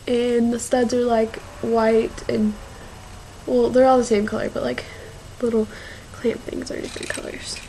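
Slow rambling young woman vlogger. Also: fairly high pitch, little pitch movement, gravelly, dark tone, slight background noise, low-quality recording. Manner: slow, rambling, filler-heavy, says y'all. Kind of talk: casual haul video.

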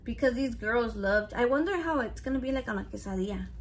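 In this casual cooking vlog, a woman in her thirties cooks at home and talks fast in a fairly high, lively voice, with a little hiss or hum. She rambles through profane, chatty stories and sprinkles Spanish words into her English.

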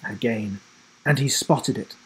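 A man reading a children's adventure story aloud, with dramatic delivery that drops low and soft for suspense. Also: unhurried, slightly rough, poor audio. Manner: self-corrects and rereads slips. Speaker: storybook reader.

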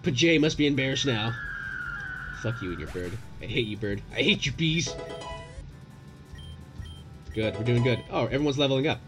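A man's voice: mid-range voice, fast talker. Young dude cursing at his game, voice jumping all over, game music playing. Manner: excitable, swears at the game, yelling bursts. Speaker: gaming YouTuber. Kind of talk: let's play commentary.

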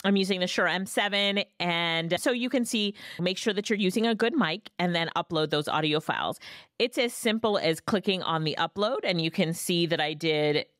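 A woman hosting a casual software tutorial, chatty and lively, recorded on a studio microphone. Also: fairly low pitch, moderate pace, no room sound. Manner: chatty, lively ups and downs. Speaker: tutorial host. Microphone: studio dynamic mic.

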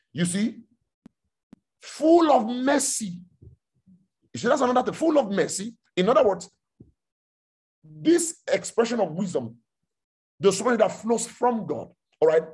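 Male preacher, sermon, husky voice, animated pitch, rhetorical questions, repeated phrases.

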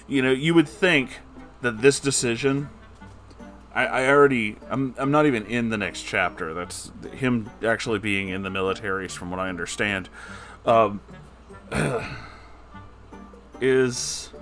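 A man's voice: mid-range voice, unhurried, fairly bright tone, soft background music. A man giving comedic, sarcastic commentary while reading a book aloud, exasperated and swearing freely.

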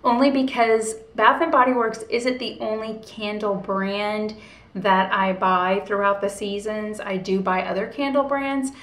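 A woman vlogs from her home, sitting by a window and talking straight to the camera in an easy, chatty way. Her voice sits in a middle pitch and carries a noticeable room echo. She tells stories with gusto and acts out the lines of the people she quotes. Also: steady tone, unhurried, fairly bright tone. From United States. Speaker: vlogger. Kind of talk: casual vlog chat. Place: indoors at home in front of a window.

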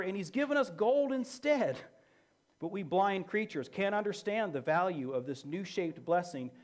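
A man preaching a sermon as pastor, emphatic and repeating key phrases for effect. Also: sits high.

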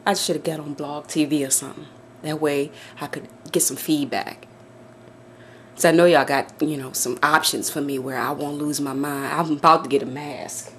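A woman's voice: low voice, fairly even intonation, moderate pace, a little hiss or hum. A woman vlogging to camera from her home office, swearing, laughing nervously and shrieking in fear. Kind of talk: casual vlog to camera.

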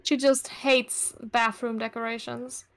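A woman's voice: a little high, little pitch movement, takes it slowly, clean tone. A young woman co-hosting a webcomic read-along, chatty and teasing, who laughs easily. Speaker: co-host, reading narration. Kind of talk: casual chat.

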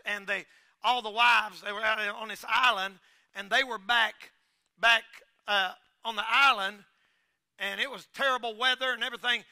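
A man preaching a folksy sermon as pastor, swinging between shouted lines and quiet asides. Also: extremely high pitch.

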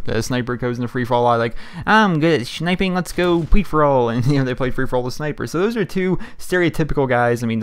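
A man's voice: mid-range voice, gravelly. A man giving casual gameplay commentary as a video game YouTuber, chatty and rambling with lots of fillers and restarts. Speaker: gaming YouTuber.

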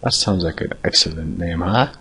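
A man's voice: low-pitched, moderate pace, creaky, pushed and bright, husky. A man giving casual, rambling gameplay commentary, self-deprecating and chuckling often. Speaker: gaming video creator.

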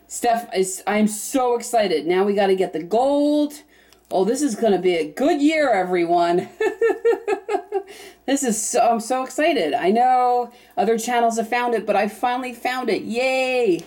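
Speaking with a voice on the high side, a young YouTube vlogger narrates an unboxing in a relaxed way, musing aloud and now and then squealing with excitement.

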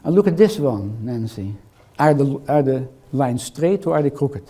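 With lively intonation, an older foreign-accented man lectures in a hall at normal speed, teasing and quizzing the audience. His medium-pitched voice is mellow and husky.

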